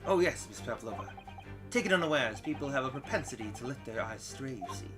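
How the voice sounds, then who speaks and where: A man's voice: medium pitch, animated, quick pace, music in the background, lightly acted. A man doing a pompous British detective. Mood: grandiose. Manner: pompous, declamatory. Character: grand, theatrical British gentleman detective. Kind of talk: let's play character reading.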